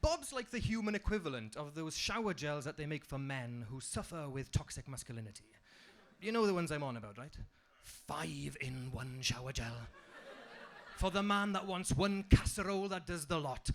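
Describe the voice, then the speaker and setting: Performing stand-up in a club, a young man with a strong Welsh accent sounds a little high-pitched, animated and somewhat fast. He's from Wales, and his punchlines come out dry.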